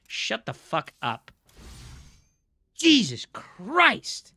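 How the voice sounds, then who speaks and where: Bright-voiced man ranting furiously at his chat. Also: sits high, huge pitch swings, extremely slow, vocal fry, dry recording, clean studio sound. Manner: angry profane ranting at chat. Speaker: streamer and coach. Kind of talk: live game stream commentary.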